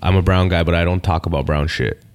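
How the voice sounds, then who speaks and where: Casting: male comedian guest, very low voice, laid-back and profane, casual podcast chat. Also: steady tone, fast talker, smooth. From Canada. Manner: laid-back, swears freely, repeats phrases.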